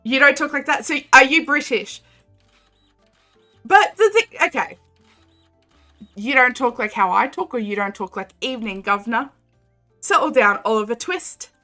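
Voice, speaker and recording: While playing a game on a live stream, a woman rambles and giggles with her viewers at a moderate pace, pausing often. Her slightly high voice is pushed and bright, with lively intonation. Faint game music runs underneath.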